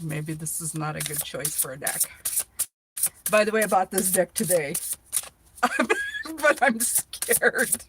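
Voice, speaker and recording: A woman's voice: lowish voice, background noise. A middle-aged woman hosting a live tarot reading, chatty and playful, joking with viewers as she reads the cards aloud.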